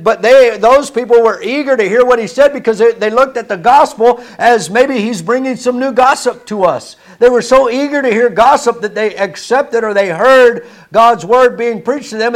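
A man's voice: very high voice, normal speed. A man preaching a sermon in an earnest, conversational way, stumbling and restarting now and then.

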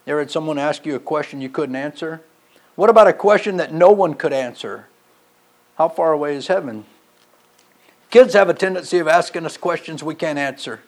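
A man preaching a sermon, telling stories and shifting between emphatic passages and quiet, low asides. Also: brisk. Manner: storytelling, rising to emphatic passages then dropping quiet.

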